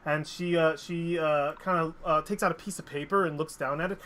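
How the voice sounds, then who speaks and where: A man's voice: a little high, fairly even intonation, moderate pace, hardly any pauses, pushed and bright, slight background noise. A man narrating as game master, rambling with many fillers.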